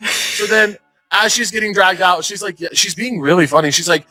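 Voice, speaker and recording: A young man, a stand-up comedian, chatting as a podcast guest and telling animated stories with acted-out quotes. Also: sits high, fast talker, no room sound. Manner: animated storyteller, acts out quotes. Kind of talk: casual chat.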